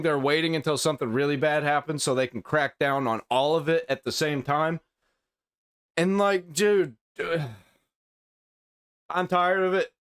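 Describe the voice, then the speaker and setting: A man's voice: a little high, fairly bright tone, clean tone. A man hosting a reaction commentary, ranting in an exasperated, profane way. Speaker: commentary host reacting to a video.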